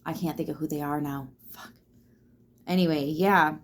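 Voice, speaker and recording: At a moderate pace, a woman with a deep, steady voice does a casual tarot reading. She talks straight to the viewer in a loose, chatty, reassuring way, swearing freely and using plenty of fillers.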